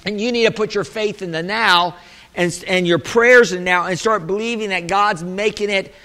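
Calling out for amens, a male pastor talks through his sermon in a conversational way, restarting now and then, his voice high, pushed and bright, his intonation fairly even and his pace moderate. The recording comes from a church sanctuary with a long, echoing reverb.

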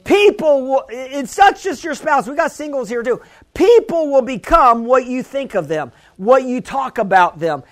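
A pastor preaching a conversational sermon, often restarting phrases and asking the congregation whether they hear him. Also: male voice, extremely high pitch, lively intonation, normal speed. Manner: conversational preaching with frequent restarts and call-and-response questions.

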